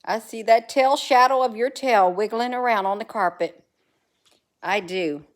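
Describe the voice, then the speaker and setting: Slow-talking woman chatting casually. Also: a little high, no echo, studio quality. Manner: rambling, coos at her pet cat between remarks. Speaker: vlogger. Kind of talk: casual vlog chat.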